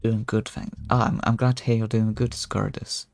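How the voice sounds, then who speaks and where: A man's voice: lowish voice, level tone, normal speed, vocal fry, a little mellow, no room sound, clean studio sound, soft background music. A man streaming as a VTuber, giving casual in-character gameplay commentary and rambling with frequent stumbling restarts.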